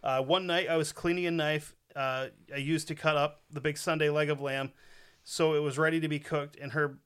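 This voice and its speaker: Bright-voiced man, crude and joking. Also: fairly high pitch, fairly even intonation, normal speed, clear, resonant tone. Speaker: podcast host reading a listener's story. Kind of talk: casual podcast chat.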